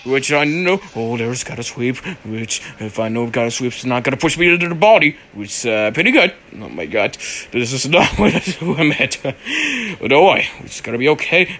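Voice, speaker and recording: A man's voice: medium pitch, big pitch swings, moderate pace, fairly bright tone. A young man giving let's play commentary on a horror game, panicky and pleading, repeating phrases over and over. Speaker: gamer playing a horror game.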